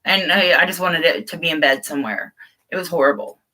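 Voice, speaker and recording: Woman, middle-aged, livestream host, casual rambling chat, bright tense tone, lowish pitch. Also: a little fast, rough recording. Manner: open, rambling, addresses viewers as guys. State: tearful at times. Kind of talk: casual live chat with viewers.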